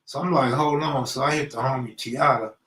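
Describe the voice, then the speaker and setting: A man's voice: mid-range voice, a little fast, sharp tone, reverberant, a little hiss or hum, poor audio. A man from Los Angeles hosting a casual live stream, greeting viewers by name and talking in loose street slang. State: out of breath. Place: room at home, alone.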